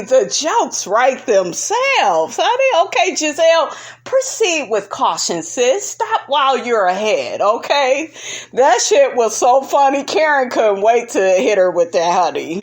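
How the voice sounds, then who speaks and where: A woman recapping a reality show in casual, sassy commentary, full of "honey" and big swoops of pitch for emphasis. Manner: sassy and animated, constantly saying "honey".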